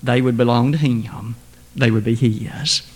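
A man preaching a sermon in a measured, formal and emphatic way. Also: medium pitch, fairly even intonation, slightly rough.

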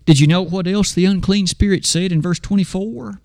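A man delivering a sermon, reading scripture aloud with slow, emphatic pauses. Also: high-pitched, steady tone, creaky, a little mellow, dry recording, clean studio sound. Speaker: preacher.

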